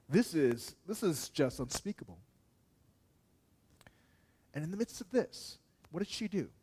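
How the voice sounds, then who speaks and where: A pastor preaching in a church, his male voice sitting a bit higher than most men's. He talks to the congregation conversationally, throwing out questions and checking in with a quick "okay" before moving on. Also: darkish tone. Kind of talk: sermon.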